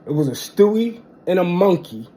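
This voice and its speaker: A young man tells a casual storytime monologue at a moderate pace, animated and full of slang, punctuating it with "boom" and "bang".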